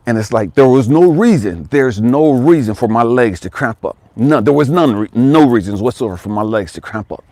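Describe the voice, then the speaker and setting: A man tells a personal testimony in the manner of a spiritual coach, acting out his story with big swings between loud cries and hushed whispers. He speaks straight to the listener at a middle pitch. The sound is dry and close, with no room echo. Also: lively intonation, moderate pace, few pauses. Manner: addresses the listener directly.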